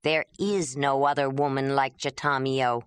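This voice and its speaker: A woman's voice: a bass voice, steady tone, measured pace, clean tone, no room sound, voice pushed down. A woman voicing a grieving young wanderer, speaking with raw, defiant emotion in an audiobook. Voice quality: pleading, emotional. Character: proud young man, grieving, restless wanderer.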